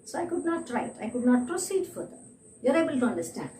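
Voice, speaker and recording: A woman's voice: fairly high pitch, big pitch swings, quick pace, warm tone, a little hiss or hum. A woman teaching an online English grammar lesson, repeating example sentences and checking in with her students. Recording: echoey room, mic at a distance.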